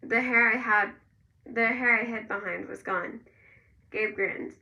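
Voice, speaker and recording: A woman narrating a first-person novel in a gentle storytelling manner. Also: a little high, unhurried, distant mic, poor audio. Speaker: audiobook narrator.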